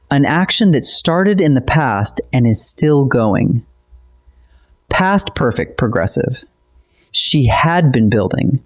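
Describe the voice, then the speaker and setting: A man delivering a scripted grammar lesson at a slow, unhurried pace. His pitch sits in the middle range, and he explains each point patiently and steadily, in the manner of a classroom teacher.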